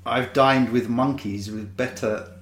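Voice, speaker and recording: Brief: male contestant, slow and self-deprecating, faint background hiss. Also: mid-range voice, fairly even intonation. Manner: self-deprecating, laughing at himself. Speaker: game contestant. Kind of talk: casual game banter. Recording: roomy room, faint background noise.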